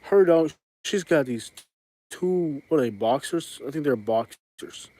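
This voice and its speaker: A man's voice: on the high side, expressive, a little slow, dark tone. A man, chatting casually on a live stream from outdoors on his rural property, rambling with lots of fillers and restarts. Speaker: vlogger hosting a live stream.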